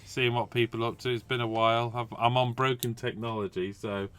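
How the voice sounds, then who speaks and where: A man's voice: mid-range voice, little pitch movement, fairly quick, fairly bright tone, clean tone. A man hosting a casual hobby livestream, rambling and chatty, with lots of restarts and asides. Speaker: host.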